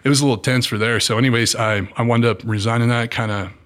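A man from Southern California, a podcast guest telling his story in a relaxed, slangy way and acting out the dialogue. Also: fast talker. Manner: animated, acts out quoted dialogue with swings in pitch; laid-back slangy talk with frequent fillers. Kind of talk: casual storytelling interview.

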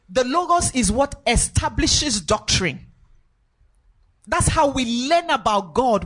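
A woman preaching a sermon, emphatic and repetitive, with sing-song rises in her voice. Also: fairly high pitch.

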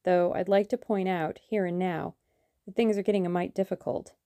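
A woman's voice: fairly low pitch, fairly even intonation, normal speed, mellow, dry recording, studio quality, lightly acted. A woman reading an audiobook, voicing a cautious male American with a transatlantic accent. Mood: wary. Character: male American backer of the plot.

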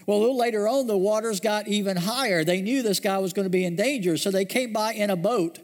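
High-voiced preacher in a reverberant hall. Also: male voice. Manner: storytelling, slows and drops low for emphasis. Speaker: pastor. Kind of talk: sermon.

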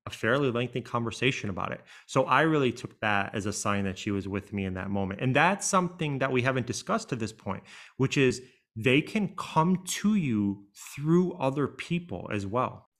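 A man co-hosting a podcast, telling stories in a relaxed way with lots of fillers. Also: mid-range voice, normal speed. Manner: relaxed storytelling with frequent fillers. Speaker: podcast co-host. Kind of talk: casual chat.

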